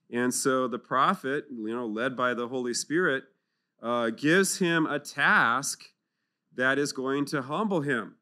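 A man giving an animated, jokey talk on scripture at a clergy retreat, acting out the figures in playful voices. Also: mid-range voice. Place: conference hall.

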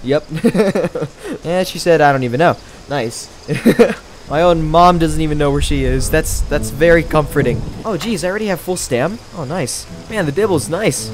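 A man giving excitable let's-play commentary, often breaking into high yelps and laughter. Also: moderate pace, noisy background. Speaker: gaming video creator. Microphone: new microphone.

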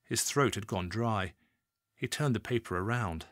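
A man narrating a crime audiobook in an expressive, dramatic reading. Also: on the low side, a little slow, dry recording, clean studio sound.

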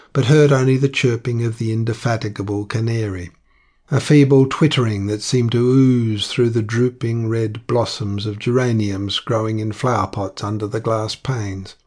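A man narrating an audiobook in a measured, unhurried reading. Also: lowish voice, fairly even intonation, darkish tone.

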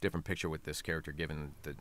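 A man's voice: extremely low pitch, little pitch movement, very fast, a bit bright. A man talking as a voice actor guest in a casual interview, chatty and laughing often.

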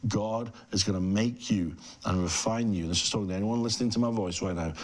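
A man's voice: fairly low pitch, a little fast. A middle-aged man preaching a fervent televised sermon, speaking in rhythmic repeated phrases and addressing the viewer directly. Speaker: pastor.

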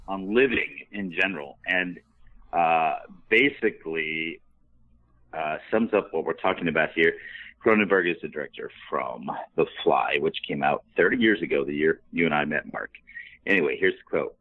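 Man, very low voice, tinny phone-like line, easygoing podcast co-host. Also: moderate pace. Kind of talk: casual podcast chat.

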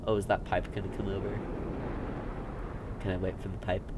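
A man's voice: low voice, completely flat delivery, moderate pace, heavy background noise. A young man making goofy let's-play commentary, full of silly nonsense words and sudden outbursts. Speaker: gamer.

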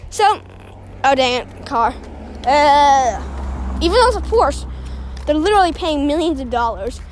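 A young host with a high voice talks while walking outdoors. She rambles in a silly, self-mocking way and is a little out of breath, with faint noise behind her. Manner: silly, self-mocking, jumps between topics. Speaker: podcast host. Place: outdoors on a walk near a road.

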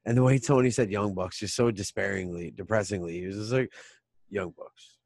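A man's voice: fairly low pitch, fast, gravelly, a little mellow. A man co-hosting a podcast, chatting casually and teasing his co-host. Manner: joking, teasing banter. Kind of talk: casual chat.

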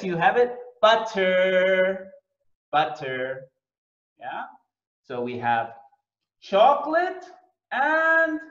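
A man with a fairly high, lively voice teaches a cooking lesson, drawing his words out very slowly and repeating each one for learners. The sound is echoey and a little dull. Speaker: English teacher.

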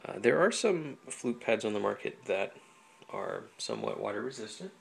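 A man from Hawaii, a flutist, explaining instrument care in a relaxed, chatty home tutorial full of ums and small laughs. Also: fairly low pitch, normal speed, creaky, noisy background. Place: home apartment.

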